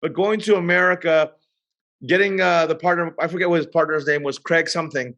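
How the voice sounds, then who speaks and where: A man's voice: a little high, fairly even intonation, fairly quick, fairly bright tone, dull audio. A man talking with enthusiasm in casual chat, rambling with fillers.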